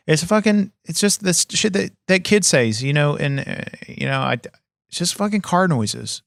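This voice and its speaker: A man's voice: on the high side, expressive, moderate pace, creaky, no room sound, studio quality. Brash, cussing male podcast host. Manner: brash, profane and exasperated. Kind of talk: comedy podcast banter.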